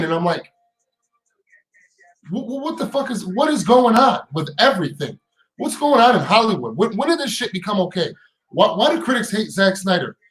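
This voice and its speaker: A man with a slightly high voice hosts a live stream in an echoey room. He talks in heated, profane bursts, stumbling over repeated words and firing off rhetorical questions. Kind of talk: casual live stream chat.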